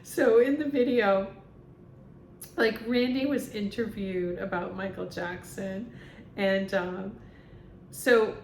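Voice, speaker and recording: A woman's voice: mid-range voice, fairly even intonation, slow pace, long pauses, roomy sound, slight background noise. A woman who works as a spiritual medium, talking in a rambling casual monologue full of fillers and laughs.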